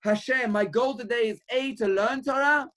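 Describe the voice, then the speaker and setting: A man's voice: very high-pitched, normal speed, rough recording. A man, a rabbi, giving an earnest Torah class, telling a story and urging listeners, mixing in Hebrew and Yiddish terms. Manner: earnest, rising to animated when quoting, mixes Hebrew and Yiddish terms.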